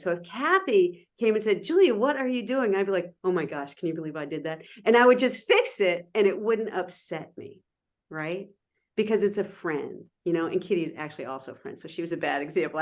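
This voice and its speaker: A middle-aged woman giving a lively, interactive online lecture over a video call, often checking in with her listeners. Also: lowish voice. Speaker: guest presenter.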